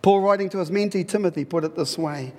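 A man preaching a sermon in a lively, conversational way, repeating phrases for emphasis. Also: high voice, fast, in a large hall. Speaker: pastor.

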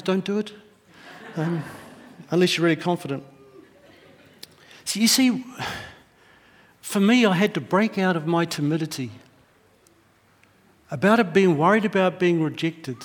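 A man, a pastor preaching a sermon and telling lively, humorous stories. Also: sits high. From New Zealand. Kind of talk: sermon with personal anecdotes. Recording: echoey hall.

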